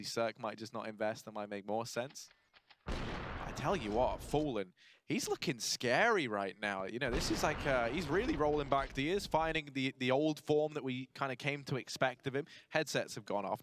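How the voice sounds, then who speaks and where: Male caster, middle pitch, dry booth sound, energetic calls and calm analysis. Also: no room sound. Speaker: esports caster. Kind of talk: play-by-play and analysis commentary.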